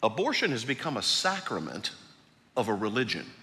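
Lively, bright-voiced preaching man. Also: brisk. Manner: emphatic preaching, rising to loud peaks then dropping low. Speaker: pastor. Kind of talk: sermon. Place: large church hall. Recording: long hall reverb.

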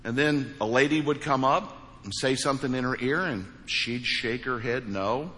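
Folksy pastor in a reverberant hall. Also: male voice, medium pitch, moderate pace, pushed and bright. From Missouri, USA. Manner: folksy storytelling, emphatic repeated phrases. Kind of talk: sermon with a joke. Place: church sanctuary. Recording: large hall with long reverb.

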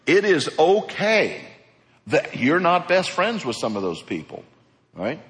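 A male pastor delivers a sermon to his congregation. He is animated and slips into the voices of people in his stories. His voice rings out with a long reverb in a church hall. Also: a little high, a little slow.

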